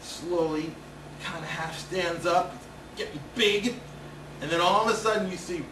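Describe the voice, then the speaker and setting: A male stand-up comedian telling a long story in an animated way. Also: sits high, moderate pace. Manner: animated, building excitement. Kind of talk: comic storytelling. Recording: roomy stage sound, distant mic, noisy.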